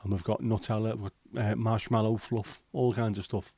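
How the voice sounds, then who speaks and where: A middle-aged man chats casually on a livestream, joking and rambling through viewers' comments. His voice sits a little low and sounds mellow and warm. The sound is close and dry, with no room around it. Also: little pitch movement, brisk, dry recording. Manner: chatty, jokey, rambling with small asides. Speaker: livestream host.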